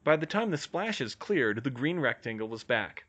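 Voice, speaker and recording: A man reading fan fiction aloud as an audiobook, with measured storytelling. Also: medium pitch, sing-song, a bit bright. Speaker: audiobook reader.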